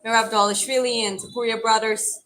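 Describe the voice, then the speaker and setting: Bright-voiced woman chatting on a livestream. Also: on the high side, flat delivery, brisk, low-quality recording. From Georgia. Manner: chatty, rambling with many restarts. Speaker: livestream host reading chat. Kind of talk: casual livestream chat.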